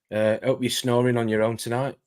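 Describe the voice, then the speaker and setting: A man hosting a casual live stream, chatting quickly and greeting viewers by name. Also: mid-range voice, darkish tone, clean tone. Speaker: host.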